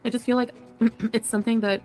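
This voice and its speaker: A woman with a higher, mellow voice speaks fairly quickly and flatly on an old live stream shown in a reaction video. Giggling and evasive, she keeps her replies to chat private, as faint music plays in the background.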